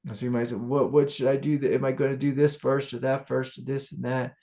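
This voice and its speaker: A man, a spiritual teacher, giving a casual satsang talk to a student, telling stories in a loose, animated way. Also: mid-range voice, brisk.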